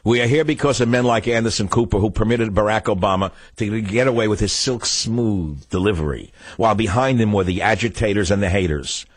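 A man's voice: lowish voice, fairly quick, hardly any pauses, slightly rough, no echo. A man hosting a political talk radio show, ranting heatedly and repeating phrases for emphasis. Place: radio studio.

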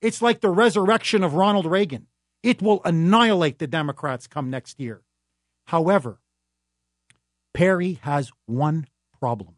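A man hosting a talk radio show, delivering an emphatic, rapid-fire, opinionated political monologue. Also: a little high, dry recording, studio quality.

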